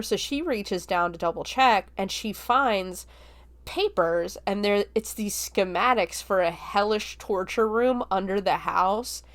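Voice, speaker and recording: Chatty woman recapping a film. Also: mid-range voice. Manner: chatty, filler-heavy retelling with frequent likes and laughs. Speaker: podcast host reviewing a film.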